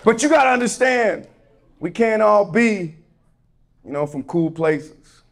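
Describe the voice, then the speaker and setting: On stage at a comedy club, a young comedian tells a story to a live crowd, acting out each person in the exchange as the audience laughs. His voice sits high, with lively intonation and a measured pace.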